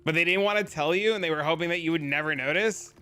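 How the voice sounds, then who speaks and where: A man's voice: fairly high pitch, fast talker, clean tone. A man in his thirties streaming a video game, chatting casually with viewers and swearing freely. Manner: animated, profane, chatty with viewers. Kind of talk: casual gaming livestream chat.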